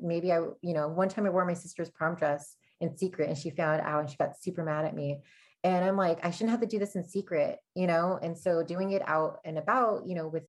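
A woman's voice: on the low side, a little mellow. A young woman co-hosting a casual advice chat, telling personal stories candidly with many fillers.

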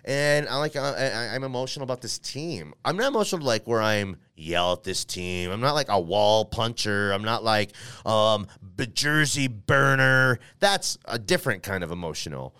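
A man's voice: lowish voice, lively intonation, moderate pace, sharp tone, clean tone, no echo. A man hosting a casual sports podcast, rambling and correcting himself with lots of fillers, reading an ad and then talking about his team. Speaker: podcast host. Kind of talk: casual podcast talk with ad read.

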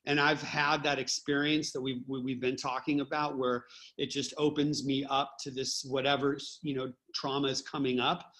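A man's voice: mid-range voice, little pitch movement, normal speed, hardly any pauses, a bit bright. A middle-aged man, a podcast co-host, telling personal stories in a reflective, openly emotional way during a casual conversation.

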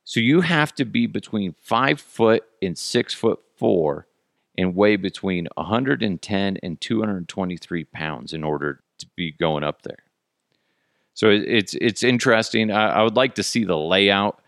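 A male radio host with a low, gravelly voice, riffing through a rambling comedic monologue. He swings his pitch around animatedly and swears freely. The sound is dry and close. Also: expressive, measured pace, fairly bright tone, no echo. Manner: rambling, laughing, goofy and profane.

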